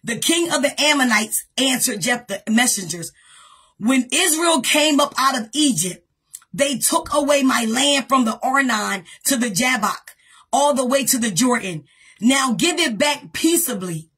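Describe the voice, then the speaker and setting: A woman pastor preaching a lively sermon, often shouting and laughing as she retells scripture. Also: sits high, a little slow, slightly rough. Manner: preaching with call-and-response energy, shouting and laughing.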